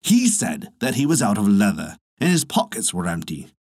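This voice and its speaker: A man's voice: lowish voice, huge pitch swings, darkish tone, breathy edge, no echo, studio quality, full character voice. Man doing a sly old soldier trickster. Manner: slow, unhurried, sly.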